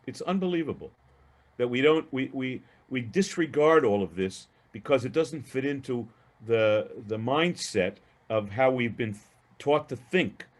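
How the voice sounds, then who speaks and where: A man giving a storytelling lecture on a video call, speaking in an animated, emphatic way with frequent restarts. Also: mid-range voice, unhurried. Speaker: guest lecturer.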